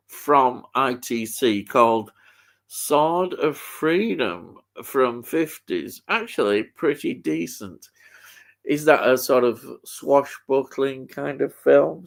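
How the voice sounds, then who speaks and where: A man hosts a casual live stream, talking slowly in a gravelly voice. He rambles along, hesitant and full of ums and restarts. He reads out viewer comments as he goes. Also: medium pitch. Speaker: live stream host reading chat. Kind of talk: casual chat.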